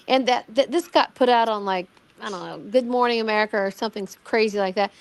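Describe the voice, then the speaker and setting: Middle-aged woman, higher voice, casual storyteller, animated, restarts often, acts out the quotes. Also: brisk, smooth. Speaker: guest recounting a personal experience.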